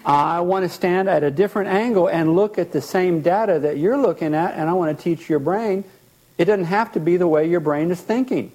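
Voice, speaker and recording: A man teaching as a therapist, animated, often acting out short bits of dialogue and repeating words as he explains. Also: high-pitched, brisk.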